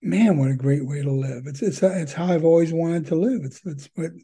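A man's voice: on the high side, normal speed, mellow, husky. An older man telling his story at a recovery meeting, earnest and rambling, with many fillers and repeated words. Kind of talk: personal testimony.

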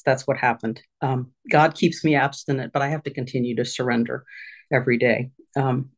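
A middle-aged woman giving a candid personal share at a recovery meeting from her office, halting with fillers and restarts. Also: rumbling low.

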